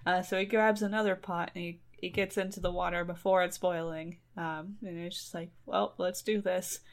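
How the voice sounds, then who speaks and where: A woman's voice: on the low side, flat delivery, brisk. A woman casually retelling a folktale on a podcast, chatty and laughing, briefly acting out the characters' lines.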